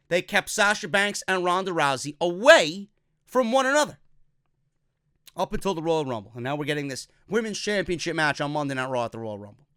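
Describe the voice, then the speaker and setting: A man's voice: sits high, pushed and bright, dry recording, clean studio sound. A man ranting bluntly in a profane wrestling review vlog, exasperated and swearing often.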